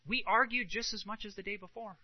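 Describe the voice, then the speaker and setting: A man speaking as a Christian health speaker, telling animated personal anecdotes to a live audience and tossing in rhetorical "right?" asides. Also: high voice, fairly quick, no room sound, dull audio. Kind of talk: storytelling talk to a live audience.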